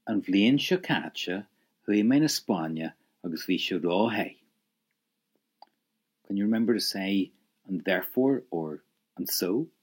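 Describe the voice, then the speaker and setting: A man's voice: sits low, expressive, a little slow, long pauses, slightly rough. A man teaching an audio language lesson, encouraging the listener and prompting them to repeat phrases.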